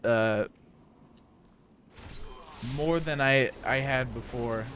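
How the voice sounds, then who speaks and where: A man's voice: mid-range voice, extremely slow, a bit bright. A man from South Dakota with a Midwestern American accent, chatting loosely and rambling while he streams a game. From South Dakota, USA. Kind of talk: casual chat while gaming.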